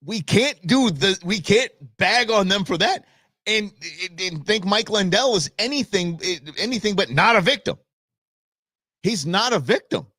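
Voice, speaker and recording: Middle-aged guy ranting on his live show, pitch jumping all over, dry close sound. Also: bright, forceful tone, no room sound. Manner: blunt, exasperated, ranting. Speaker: talk show host. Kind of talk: opinionated live show rant.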